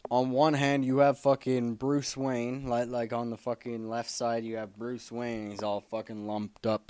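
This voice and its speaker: A man's voice: lowish voice, darkish tone, smooth. A man reviewing comic books in a casual, rambling way, swearing constantly and filling gaps with fillers. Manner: profane, rambling, full of fillers. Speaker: comic book vlogger.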